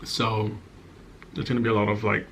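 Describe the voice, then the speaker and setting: An ASMR and vlog creator chats casually while eating in his apartment, candid and loose, trailing off between bites. His voice is fairly low and a bit bright, with a level tone, moderate pace, and vocal fry. Faint sounds of passing cars drift in from outside.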